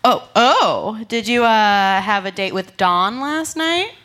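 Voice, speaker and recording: A man playing a pushy, high-strung TV producer. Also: expressive, takes it slowly, sharp tone, heavily acted. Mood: teasing. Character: sinister charming male TV producer, late twenties. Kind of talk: comedy table read.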